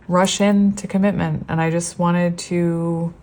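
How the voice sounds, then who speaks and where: A woman's voice: lowish voice, little pitch movement, a little slow, a little mellow. Rambling, giggly woman tarot reader. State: teary, on the verge of crying. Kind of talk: casual tarot reading to camera.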